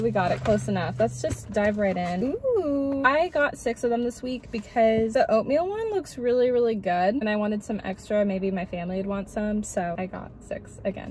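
A woman's voice: mid-range voice, background noise. A young woman chatting casually as she reviews and tastes food, gushing with little hums and lots of "like". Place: outdoors near a road, cars passing.

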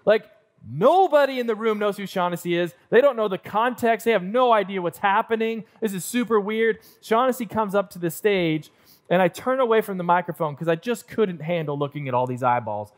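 A high-voiced young man preaching to his church, spinning a self-deprecating story with lively, acted-out moments. He plays up his own nerves for laughs. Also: brisk. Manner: self-deprecating, animated storyteller acting out scenes. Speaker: pastor. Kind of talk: sermon storytelling. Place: church auditorium.

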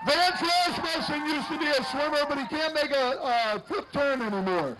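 A middle-aged man announcing a street parade outdoors, joking with the crowd and shouting cheers. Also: extremely high pitch, normal speed, few pauses. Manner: jokey, upbeat emcee, often shouting cheers. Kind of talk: live event announcing. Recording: noisy outdoor parade recording.

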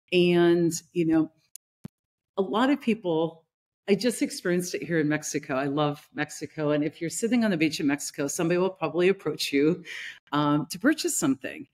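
A middle-aged woman with a somewhat low voice tells a story in a relaxed podcast conversation. She talks animatedly and slips into the voices of the people she quotes. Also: brisk. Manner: animated, acts out quoted people in her stories. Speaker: leadership consultant and host.

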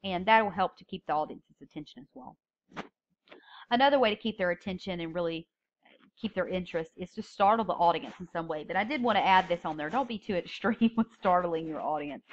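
A woman's voice: fairly low pitch, fairly quick. Woman lecturing on public speaking, lo-fi. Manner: expressive, stresses key words when reading examples. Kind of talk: recorded classroom lecture.

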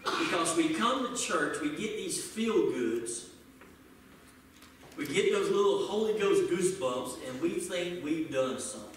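A male pastor preaching a folksy sermon, swinging between loud shouted lines and low asides. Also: lively intonation, measured pace, a little hiss or hum. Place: church sanctuary. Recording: echoey church hall, distant mic.

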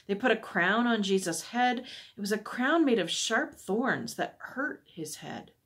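A woman reading a Bible story to children, expressive and gentle-paced, pausing to ask wondering questions. Her voice is soft and breathy. The pitch swings up and down freely. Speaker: church staff storyteller for children.

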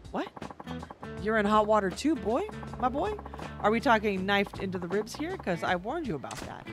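A woman voicing a scheming older male fight manager who coaxes and flatters, with game music behind. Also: medium pitch, normal speed, close to an everyday voice. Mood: teasing. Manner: coaxing, salesman-like.

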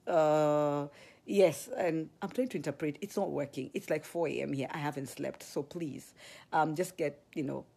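A woman with a Kenyan accent, chatting on a live stream, very expressive and gasping as she tells stories. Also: low voice, normal speed, gravelly, breathy edge. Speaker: ministry leader. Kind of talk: casual live-stream chat.

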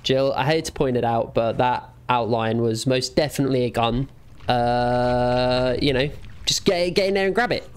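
A man's voice: medium pitch, normal speed, clean tone. A young man giving playful let's play commentary, teasing and talking back to the game's characters. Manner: jokey, teasing, talks back to game characters. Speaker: gamer.

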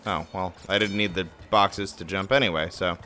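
A man giving live commentary while he plays a game. He is excitable, swears a lot and mocks his own mistakes. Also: low-pitched, moderate pace. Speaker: game streamer.

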